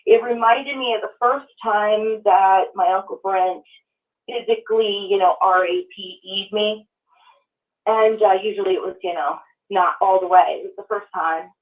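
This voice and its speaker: A woman from Minnesota calling in to a show, telling her story in a halting, emotional way. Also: mid-range voice, steady tone. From Minnesota, USA. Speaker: caller. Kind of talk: call-in testimony. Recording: distant tinny phone line.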